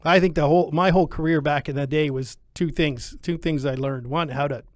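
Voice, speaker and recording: A man's voice: on the high side, steady tone, brisk, dry recording, clean studio sound. A middle-aged man, a guest on a podcast, telling stories about his sales career in casual chat and repeating phrases for emphasis.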